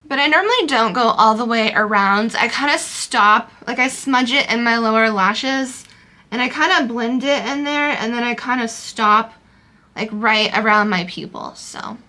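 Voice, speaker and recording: Bright-voiced chatty young woman. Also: a little high, normal speed. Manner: chatty, loose, many fillers like "um" and "like". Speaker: beauty vlogger. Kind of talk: casual makeup tutorial chat.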